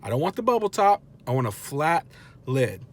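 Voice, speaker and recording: A man in his thirties telling a story in a casual, animated, self-mocking way and acting out the people he quotes. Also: on the high side, moderate pace. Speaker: vlogger dad.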